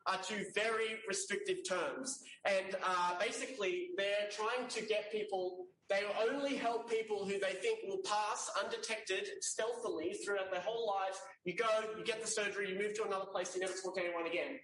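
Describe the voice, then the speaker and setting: A man with a high voice gives an earnest slide talk, stumbling through fillers and restarts. He sits back from the microphone, and the room rings with echo. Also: steady tone, moderate pace, hardly any pauses, fairly bright tone. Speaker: lecturer. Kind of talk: informal slide presentation to an audience. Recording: echoey room, distant mic.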